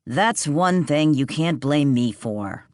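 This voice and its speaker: A narrator voicing a nervous, frightened man on the run, anxious and pleading, with a lively voice and slow delivery. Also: medium pitch, dry recording, clean studio sound.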